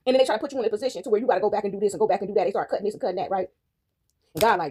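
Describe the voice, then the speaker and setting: While working dough, a woman vlogger chats casually in a very fast, husky, darkish voice of medium pitch. She rambles and tacks "right?" onto nearly every phrase as she bakes.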